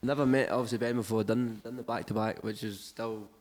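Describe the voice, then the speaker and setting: A man's voice: fairly low pitch, fairly even intonation, a little fast, darkish tone. A young Scottish man, a DJ guest, telling stories in casual chat and acting out what others said. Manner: storytelling, acts out what others said.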